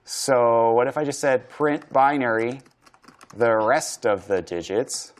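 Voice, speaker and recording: A man's voice: medium pitch, slow pace. A man giving a university programming lecture, thinking aloud as he codes, casual and chatty with frequent fillers and restarts. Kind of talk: live-coding lecture.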